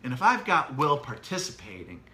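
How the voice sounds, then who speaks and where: A middle-aged man co-hosting a casual parenting chat, animated and demonstrative as he explains. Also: medium pitch, normal speed. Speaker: co-host, parent.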